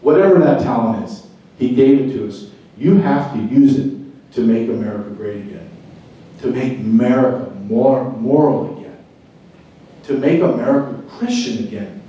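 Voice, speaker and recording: A middle-aged man, a retired border agent, giving a fervent speech to a club, swinging from loud to quiet. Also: medium pitch, expressive, moderate pace, dull audio. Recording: very echoey room, speaker far from mic.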